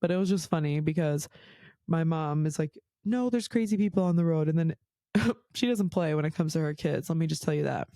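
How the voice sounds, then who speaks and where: A woman's voice: low voice, brisk, mellow, dry recording. A woman hosting her own podcast, telling stories casually, full of "like" and swearing. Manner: chatty, swears a lot, says "like" constantly. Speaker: podcast host. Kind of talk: casual storytelling.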